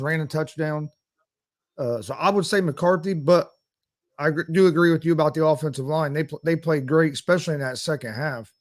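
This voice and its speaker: A man co-hosting a casual sports talk show, with a voice pitched a bit high for a man. He begins with halting restarts, then gives his view in an even-tempered way.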